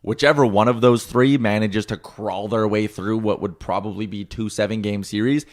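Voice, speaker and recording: A man co-hosting a sports talk show, chatting casually about hockey and telling animated stories. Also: fairly low pitch, normal speed. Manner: chatty, animated storytelling with frequent "like". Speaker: sports radio co-host.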